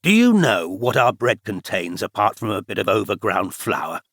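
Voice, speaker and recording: A man's voice: on the low side, big pitch swings, moderate pace, a bit bright, no room sound, studio quality. A man reading the part of a severe older male spy chief who lectures emphatically. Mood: lecturing.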